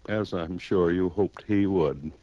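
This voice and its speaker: Casting: low-voiced stern judge, clipped and commanding, dry vintage radio drama. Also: male voice, takes it slowly, warm tone, no room sound, lo-fi sound. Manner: clipped, commanding, cuts others off. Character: stern male judge in robes, cold and curt. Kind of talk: 1950s radio drama acting.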